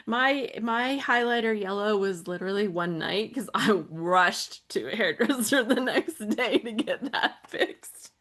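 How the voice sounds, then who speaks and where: A woman with a Western Canadian accent co-hosting a live crafting stream, chatty and quick to laugh. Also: fairly high pitch, a bit bright. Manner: giggly, chatty, laughs often. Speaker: co-host of a live scrapbooking stream. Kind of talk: casual chat.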